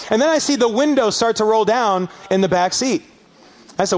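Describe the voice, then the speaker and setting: Middle-aged pastor guy from LA preaching, fairly high voice, gets big and loud at the punchlines. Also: brisk. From Los Angeles area, US. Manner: animated storyteller, rises and shouts at dramatic peaks. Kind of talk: sermon.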